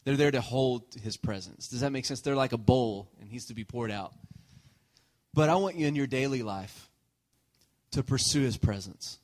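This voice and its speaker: A man's voice: mid-range voice, normal speed, a little mellow. A male pastor preaching a conversational sermon, joking and checking in with the congregation.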